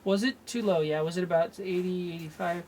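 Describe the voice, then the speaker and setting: A man's voice: high voice, steady tone, brisk, darkish tone, a little hiss or hum. A man working as an energy healer, thinking aloud and breaking off mid-sentence as he runs a live remote healing session. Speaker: radio show host.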